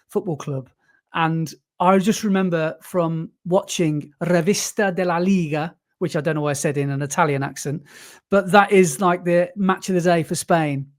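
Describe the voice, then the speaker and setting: A man from the UK co-hosting a running podcast, chatting casually with lots of fillers and restarts. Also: fairly high pitch. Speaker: podcast co-host. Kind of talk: casual chat.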